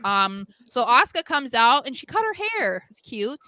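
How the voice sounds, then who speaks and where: Bright, clear-voiced young woman co-host. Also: a little high, big pitch swings, normal speed, dry recording. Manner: chatty, full of fillers, acts out quotes. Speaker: podcast co-host. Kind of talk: casual wrestling recap chat.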